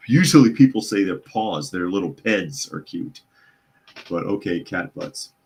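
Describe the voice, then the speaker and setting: A deep-voiced man hosts a live news podcast from his home. He talks casually and drops sarcastic, chatty asides while he reads out articles. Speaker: podcast host. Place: hot home room with a loud computer fan.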